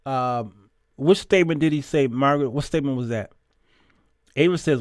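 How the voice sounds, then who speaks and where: A man's voice: mid-range voice, moderate pace, long pauses, no echo, clean studio sound. A man hosting a Christian talk show, reading viewer comments and talking in an emphatic, conversational way, often repeating words.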